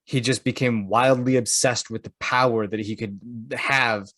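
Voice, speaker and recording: A man's voice: mid-range voice, steady tone, moderate pace, fairly bright tone, no room sound. Rambling, teasing man on a podcast. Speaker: podcast co-host. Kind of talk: casual podcast chat.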